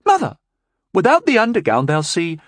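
A man's voice: high voice, sing-song, normal speed, fairly bright tone, breathy edge, no room sound, clean studio sound, pitched above the performer's own voice, full character voice. A man voicing a spoiled, disdainful young noblewoman in an audiobook reading. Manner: disdainful, sarcastic. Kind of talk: audiobook character voice.

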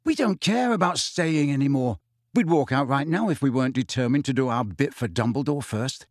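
Male narrator voicing a cocky teen boy joker, cool and teasing, mid pitch. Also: animated, fairly quick, no room sound, studio quality, close to an everyday voice. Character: cocky teenage boy prankster, cool and defiant.

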